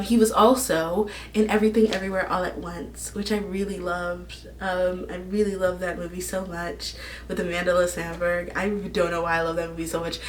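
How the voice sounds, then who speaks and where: A woman's voice: lowish voice, distant mic, a little hiss or hum. A young woman vlogging in a casual, rambling, gushing way, laughing often as she talks about a book's characters. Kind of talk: casual fan casting chat.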